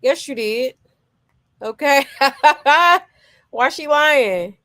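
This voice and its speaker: Slow, sassy woman host. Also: medium pitch, lively intonation, a bit bright, no room sound, studio quality. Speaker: commentary host. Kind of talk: gossip commentary.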